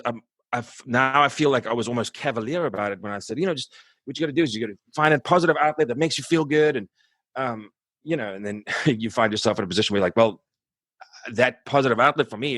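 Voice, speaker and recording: A man in his forties talking candidly in an interview, halting and subdued, with many restarts as he searches for words. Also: medium pitch, fairly bright tone, no room sound. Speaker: musician guest.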